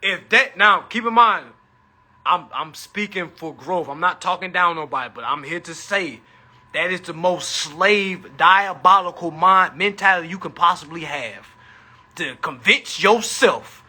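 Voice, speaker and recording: A man's voice: high voice, a little slow, sharp tone. A man hosting a live stream, talking casually and animatedly, with lots of profanity and a preachy edge.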